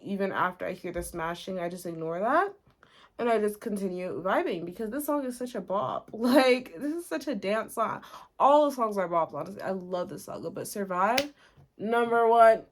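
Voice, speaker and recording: A woman recapping a story in a casual, chatty way, full of "like" and little giggles, with quick asides. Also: mid-range voice, expressive. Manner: chatty and giggly, heavy use of "like". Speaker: video host recapping a musical. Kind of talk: casual chat.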